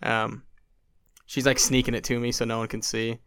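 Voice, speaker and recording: A man's voice: mid-range voice, normal speed. A young man telling a long story on a podcast in casual chat, acting out what others said, with lots of "like" fillers. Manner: animated, acts out quotes, many "like" fillers. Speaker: podcast guest.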